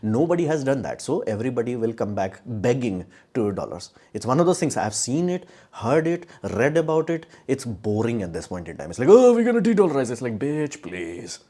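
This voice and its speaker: A man's voice: mid-range voice, very animated, fairly quick, few pauses, warm tone, slightly rough. A man giving casual live-stream commentary in a blunt, sarcastic way, rambling with many restarts. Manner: blunt, sarcastic, mocks views in put-on quotes.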